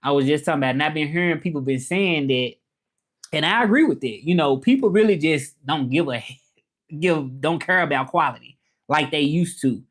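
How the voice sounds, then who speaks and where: A man's voice: on the high side, fairly quick, a bit bright. A man chatting casually on a live stream, rambling along, greeting viewers by name and trying out French phrases. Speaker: livestreamer.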